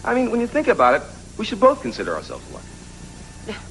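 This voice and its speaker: An actor playing a sardonic, mocking business partner in a 1980s soap opera. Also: male voice, high voice, huge pitch swings, a little fast, a bit bright, a little hiss or hum, exaggerated voice, low-quality recording.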